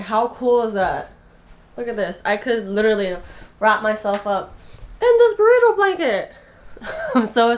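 A young woman in her twenties gushes through a casual show-and-tell of her gifts, sounding a little out of breath. She chats easily and giggles often, recorded at home in her bedroom. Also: medium pitch. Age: 20s. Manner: chatty and gushing, giggles often. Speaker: vlogger.

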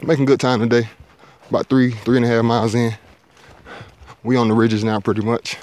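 A man's voice: mid-range voice, flat delivery, fairly quick, darkish tone. A man, vlogging casually as he hikes a forested mountain ridge, a little winded from the climb. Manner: laid-back, talkative, jokey. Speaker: thru-hiker vlogger. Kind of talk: casual hiking vlog.

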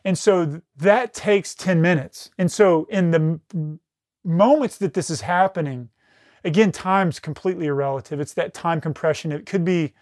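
Brief: middle-aged male veteran guest, pitched a touch high, dry close sound, intense and profane, lots of false starts. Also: normal speed, a little mellow, dry recording. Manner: intense, heavy swearing, frequent restarts. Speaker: podcast guest, retired military rescue specialist. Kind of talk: recounting a combat story in casual conversation.

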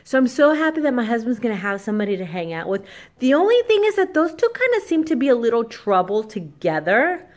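A young woman chatting excitedly in a casual vlog, telling stories as she moves around her home and yard. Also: fairly high pitch, fast. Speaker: vlogger and makeup artist.

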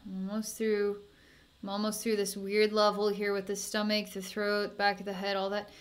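A woman working as a psychic healer, talking softly and soothingly through an energy healing session, with sighs and small laughs. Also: mid-range voice, monotone, moderate pace.

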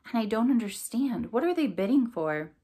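A woman's voice: on the high side, sing-song, moderate pace, dark tone, breathy edge, pitched above the performer's own voice. A woman doing an eager crow girl of eleven. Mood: earnest. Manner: eager, questioning. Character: curious eleven-year-old crow girl, earnest.

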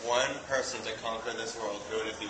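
A man's voice: fairly low pitch, flat delivery, quick pace, roomy sound, background noise. A man trading playful, teasing behind-the-scenes banter at a dance rehearsal, scatting out the counts. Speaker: celebrity dance contestant.

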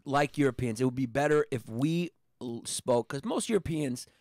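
A man co-hosting a comedy podcast, joking in animated, profane banter. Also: mid-range voice, moderate pace, no echo, studio quality. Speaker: podcast co-host. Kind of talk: casual comedic chat.

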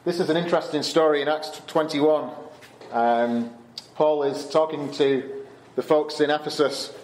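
A man's voice: on the high side, unhurried, darkish tone, reverberant. A man speaking as a camp speaker, giving a conversational Bible talk to teenagers, with fillers and restarts. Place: Canada.

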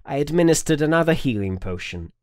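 A man's voice: on the high side, lively intonation, fairly quick, dry recording, studio quality. A man narrating an audiobook, reading tense, dramatic scenes.

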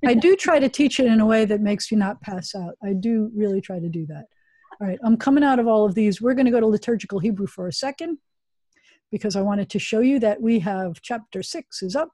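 A woman's voice: mid-range voice, expressive, fairly quick, warm tone, dry recording. A woman rabbi teaching a Hebrew class over a video call, chatty and self-deprecating.

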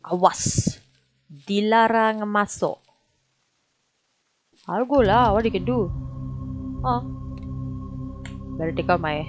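A young woman with a Malaysian English accent, commentating a horror game, jumpy and swearing constantly with loud startled reactions. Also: medium pitch, slow pace, long pauses, music in the background. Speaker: gaming streamer.

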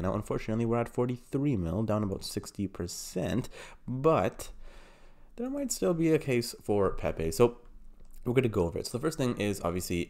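A man's voice: lowish voice, darkish tone. A man hosting a crypto channel, talking in a brash, profane, hyped-up way and putting on a mock accent. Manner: puts on an unnamed mock accent. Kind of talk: casual hype commentary.

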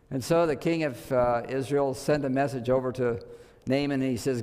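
A man preaching in a church sanctuary, talking to the congregation in an easygoing way and posing rhetorical questions. His voice sits at an ordinary mid pitch. A long reverb trails through the large room. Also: steady tone, moderate pace, a little mellow, clean tone. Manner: conversational, asks rhetorical questions. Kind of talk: sermon.

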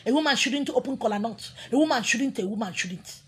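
A woman's voice: a little high, lively intonation, fairly quick, a bit bright, breathy edge. A woman with a Nigerian accent, preaching as a spiritual teacher in a scolding, confrontational way. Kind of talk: preaching to an audience.

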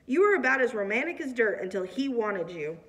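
A woman's voice: a little high, big pitch swings, fairly quick, recorded from a distance. A woman reading as a blunt, scornful male mentor. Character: gruff drunken middle-aged male mentor.

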